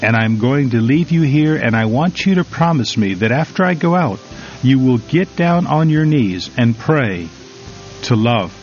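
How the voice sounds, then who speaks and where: A man voicing an earnest older man who gently and patiently counsels a troubled son. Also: mid-range voice, animated, unhurried, close to an everyday voice. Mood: patient persuading. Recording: slightly dull recording, faint music.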